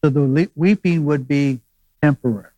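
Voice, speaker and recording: A man's voice: a little high, normal speed, warm tone, dry recording, low-quality recording. A man preaching a sermon as pastor, explaining scripture in a conversational teaching manner with asides and restarts.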